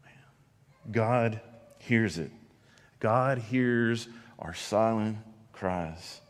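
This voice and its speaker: Pastor guy preaching in a church, gets loud then drops real quiet, echoey hall. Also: drawn-out words, long pauses. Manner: swings between loud emphasis and hushed low lines. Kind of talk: sermon. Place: church sanctuary.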